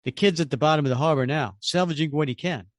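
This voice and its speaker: An anxious male butler hurries through bad news, urgent and apologetic, as a man reads him from a comic. His voice sits a little high. The sound is dry. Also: fast, no room sound, natural voice.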